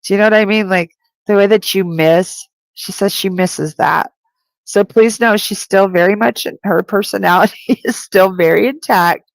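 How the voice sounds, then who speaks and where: A woman's voice: medium pitch, moderate pace, vocal fry, no echo, poor audio. Chatty woman doing a psychic reading. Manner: chatty and rambling, full of "like". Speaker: psychic medium. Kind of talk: live-streamed spirit reading.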